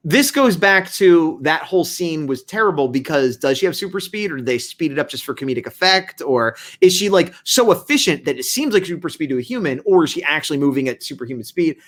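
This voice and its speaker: Guy hosting a review chat, kinda high voice, rambles thru his thoughts. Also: animated, fairly quick, few pauses, fairly bright tone. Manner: rambling, reasoning aloud. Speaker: host. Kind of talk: casual review discussion.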